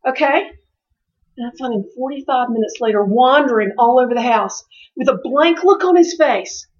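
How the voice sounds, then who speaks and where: A woman co-hosting a parenting talk show, telling animated stories about her children. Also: fairly high pitch, normal speed. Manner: animated storytelling, acting out family quotes. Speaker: co-host, parent speaker. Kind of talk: conversational podcast talk. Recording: dull lo-fi sound.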